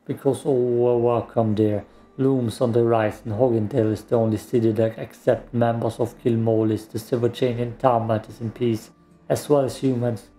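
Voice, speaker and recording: A man's voice: mid-range voice, flat delivery, moderate pace, warm tone. A man hosting a game playthrough, reading its text aloud with casual asides. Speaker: let's play host.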